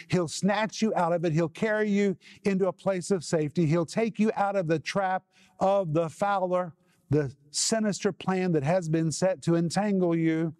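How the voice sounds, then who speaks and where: A man's voice: fairly high pitch, darkish tone, no room sound, clean studio sound. Emphatic man teaching a TV sermon. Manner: emphatic, repeats key words for stress. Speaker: TV Bible teacher. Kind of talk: televised sermon.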